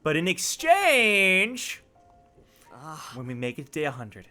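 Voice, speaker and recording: A man's voice: sits high, huge pitch swings, slow pace, bright, forceful tone, soft background music, voice pushed up, exaggerated voice. A man voicing a curious, determined teenage boy student, reading game dialogue aloud with pointed questions. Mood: probing.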